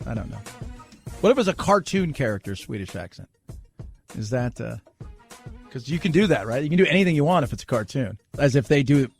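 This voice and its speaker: Male talk radio host, high voice, sarcastic and animated, light music underneath. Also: vocal fry. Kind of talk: talk radio monologue and ad read.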